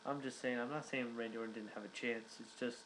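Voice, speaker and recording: A man's voice: medium pitch, steady tone, fast talker, background noise. Rambling man recapping casually. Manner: rambling, many fillers and restarts. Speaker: wrestling reviewer.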